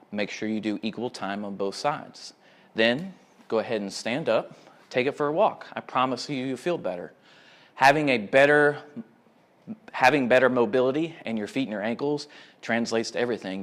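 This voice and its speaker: A man, a fitness instructor, calmly talking viewers through gentle ankle exercises. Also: medium pitch. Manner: calm, easygoing instructions. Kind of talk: exercise demonstration.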